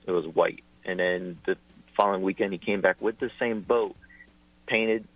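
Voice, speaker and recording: Low-voiced man on a tinny phone line. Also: steady tone, moderate pace, no echo. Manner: amused, rising up when exasperated. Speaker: caller. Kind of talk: casual call-in chat.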